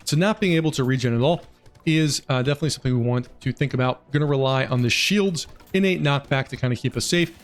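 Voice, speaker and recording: Chatty man giving gameplay commentary. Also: medium pitch. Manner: quick, chatty, with frequent fillers. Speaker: gaming guide host. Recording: faint music behind voice.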